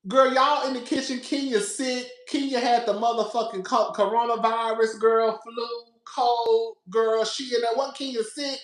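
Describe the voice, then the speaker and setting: A man's voice: extremely high pitch, level tone, normal speed, few pauses, fairly bright tone. Sassy laughing man in an echoey room. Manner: sassy, laughs a lot, repeats himself, calls listeners "girl". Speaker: podcast host. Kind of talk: casual reality TV commentary.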